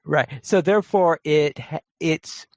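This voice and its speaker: A podcast co-host chatting casually about a game, thinking aloud with halting restarts. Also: medium pitch, dry recording. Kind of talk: casual gaming podcast chat.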